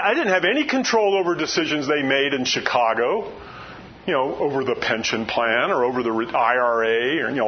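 A man's voice: medium pitch, dull audio, a little hiss or hum. An older man preaching a sermon in a folksy way, full of rhetorical questions.

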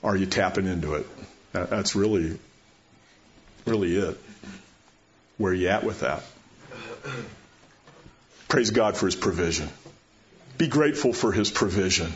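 A man preaching a sermon as pastor, animated, rising to excited questions and dropping to quiet appeals. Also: low voice, a little slow, long pauses, highs cut off, a little hiss or hum.

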